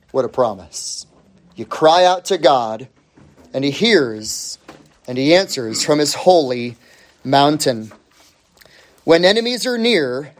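A man preaching a sermon, emphatic, stretching key phrases out slowly and rising sharply on the points he stresses. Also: medium pitch. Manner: emphatic, with slow drawn-out phrases and sudden rises.

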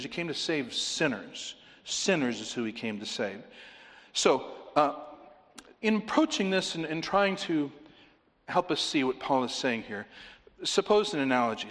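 Emphatic male pastor, slightly high voice, long hall reverb. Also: expressive, moderate pace. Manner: emphatic, repetitive, drops to quiet intensity. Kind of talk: sermon.

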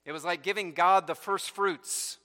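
A man's voice: sits high, steady tone, moderate pace, pushed and bright, big-room sound. A man preaching a sermon, reading scripture aloud and explaining it verse by verse with rhetorical questions. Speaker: pastor.

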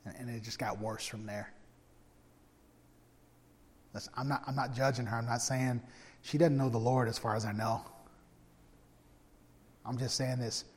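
A man preaching a sermon through personal stories, animated and humorous, swinging from loud bursts to hushed asides. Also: mid-range voice, normal speed, long pauses. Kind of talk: storytelling sermon. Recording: long hall reverb.

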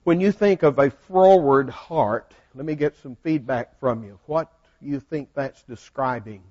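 A man's voice: medium pitch, unhurried, darkish tone. A man leading a Bible study class in a folksy way, asking the group questions. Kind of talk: interactive Bible study teaching. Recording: dull lo-fi sound.

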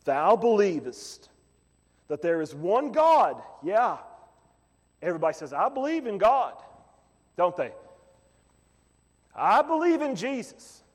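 A male pastor preaching a sermon, repeating phrases and building to shouts. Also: high voice, sing-song, takes it slowly, pauses often, long reverb tail.

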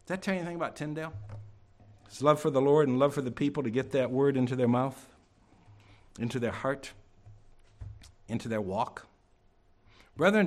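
A man preaching a sermon to a congregation in a church. He asks many rhetorical questions and drops to a hush at times. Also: on the high side.

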